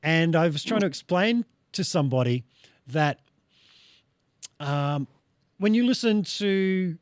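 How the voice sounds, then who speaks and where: A man's voice: on the high side, animated, takes it slowly, clean tone, dry recording, clean studio sound. A man hosting a casual podcast interview, explaining his points and acting out vocal sounds as he goes. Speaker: podcast host.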